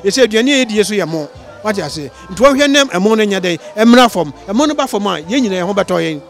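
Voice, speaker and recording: A man with a Ghanaian accent answering a street interview outdoors, talking earnestly and pleading, halting often with restarts. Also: high-pitched, lively intonation, faint music behind.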